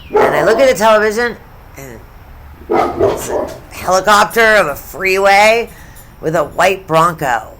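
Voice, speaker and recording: A woman's voice: on the low side, animated, unhurried, pauses often, a bit bright. A middle-aged woman from the United States telling stories in a casual sports vlog, chatty, blunt and profane, with asides. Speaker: sports vlogger.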